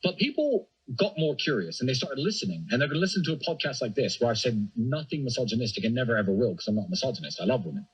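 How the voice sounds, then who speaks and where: A man talking as a guest on a podcast, telling his story in an emphatic, animated way. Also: mid-range voice, rapid-fire, hardly any pauses, breathy edge, poor audio. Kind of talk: casual chat.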